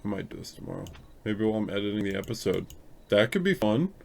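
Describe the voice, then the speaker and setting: A man's voice: fairly low pitch, very animated, fast talker, creaky, slight background noise. A man hosting a casual live stream, chatting and thinking aloud as he works, a little self-conscious, in a room at home. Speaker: live stream host editing photos. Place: room at home with an open window.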